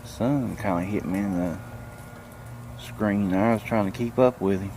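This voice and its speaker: A man vlogging casually with a camcorder, chatting to his dogs and hushing his voice indoors. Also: on the low side, fairly quick, over music. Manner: talks to his dogs in a coaxing voice, drops to a hush indoors. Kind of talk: casual vlog narration to camera. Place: house indoors, then backyard outdoors. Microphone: handheld camcorder mic.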